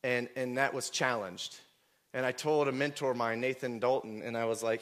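A man preaching a sermon, earnest and emotional, telling personal stories and at times rising almost to a shout. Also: medium pitch, steady tone, normal speed. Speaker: pastor.

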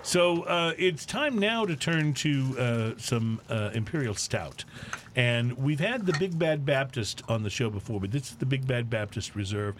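A man hosting a casual podcast about drinks and cigars, talking in a relaxed, chatty way. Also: mid-range voice, measured pace, slight background noise. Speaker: podcast host. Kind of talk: casual chat.

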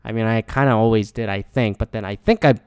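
A man telling a rambling, profane story in a casual monologue, jumping to a higher voice to act out quotes. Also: fast, darkish tone, clean tone, no room sound, clean studio sound. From lives in Michigan.

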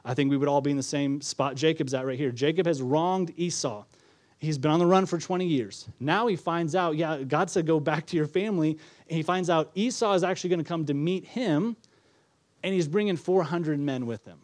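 A man with a slightly higher-than-usual voice preaches a sermon before his congregation. He is earnest and repeats key phrases, often asking the listeners questions as he teaches. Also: a little fast, a little mellow. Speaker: pastor.

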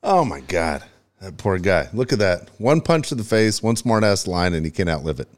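A man's voice: low-pitched, big pitch swings, moderate pace. A man in casual chat who reacts with laughs and exclamations in a laid-back way.

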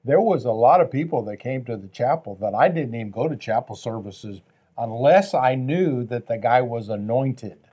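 A man's voice: medium pitch, lively intonation, normal speed, dark tone, breathy edge, lo-fi sound. A man, a pastor, talking earnestly on a faith talk show, with a preaching tone and repeated phrases.

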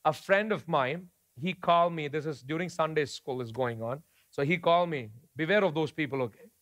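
A man from India, preaching a sermon in a conversational way that moves between soft storytelling and emphatic points. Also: a little high, brisk. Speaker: pastor.

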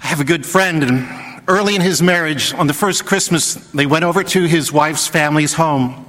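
Priest, male, homily delivery, slightly higher voice, long church reverb. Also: normal speed, a bit bright. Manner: storytelling homily with acted quotes. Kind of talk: sermon.

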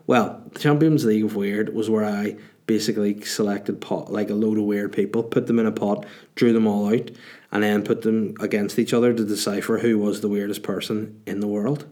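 A man's voice: lowish voice, fairly even intonation, brisk, mellow. A Northern Irish man in his thirties hosting a podcast, chatting casually and joking through rambling anecdotes while answering listener questions. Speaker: podcast host.

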